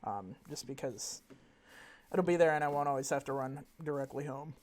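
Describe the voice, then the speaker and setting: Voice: medium pitch, normal speed. A gamer giving casual let's-play commentary, rambling and chatting to in-game animals. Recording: audible background noise.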